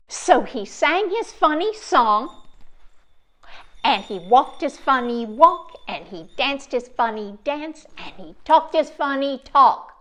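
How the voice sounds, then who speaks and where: A woman reading a rhyming storybook aloud in an expressive, sing-song way. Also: high-pitched, slow.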